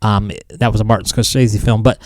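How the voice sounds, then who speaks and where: A man's voice: lowish voice, flat delivery, a little fast, dry recording. A man co-hosting a casual podcast, joking and rambling with lots of fillers. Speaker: podcast co-host.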